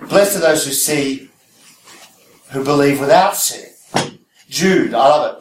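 A man's voice: mid-range voice, normal speed, far from the mic, slight background noise. Preacher man in a roomy hall. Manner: checks in with listeners with rhetorical questions. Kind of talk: conversational sermon.

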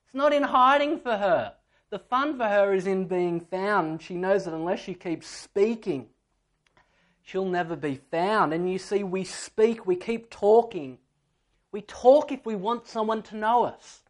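A man's voice: high voice, measured pace. Man preaching a sermon. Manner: storytelling, acts out a child's voice in anecdotes. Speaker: pastor.

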